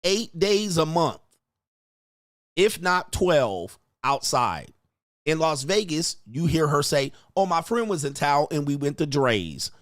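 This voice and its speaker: A man's voice: on the high side, big pitch swings, slow pace, fairly bright tone, no echo, clean studio sound. Blunt crude-talking male streamer. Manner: blunt, crude, repeats himself, mimics reactions. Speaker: host. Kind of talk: commentary on video clips.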